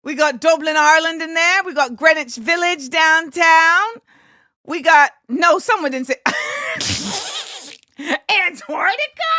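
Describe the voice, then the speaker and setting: A woman hosting a casual livestream, greeting her viewers in an animated, hyped-up way. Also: high voice, dry recording, studio quality. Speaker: host.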